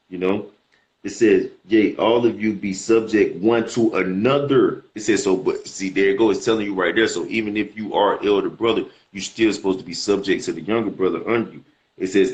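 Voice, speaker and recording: A man with a very low, deep voice preaching casually on a phone group call. He reads scripture aloud, then talks it over in loose slang, stumbling and repeating words as he thinks.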